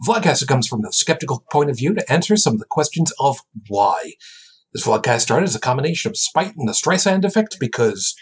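A man's voice: fairly high pitch, slight background noise. A man hosting a live podcast, talking in a rambling, jokey way. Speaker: host. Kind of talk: casual live podcast chat.

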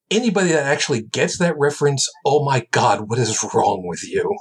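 A man's voice: medium pitch, brisk, hardly any pauses, breathy edge. A man hosting a live podcast, talking in a rambling, jokey way. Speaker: host. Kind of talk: casual live podcast chat.

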